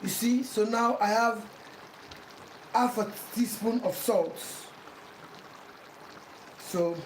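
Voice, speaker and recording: A woman's voice: fairly high pitch, slow pace, darkish tone, roomy sound, recorded from a distance, a little hiss or hum, poor audio. A Sierra Leonean woman chatting casually while cooking at home, self-mocking and pleading with viewers for likes. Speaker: cooking vlogger. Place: home kitchen.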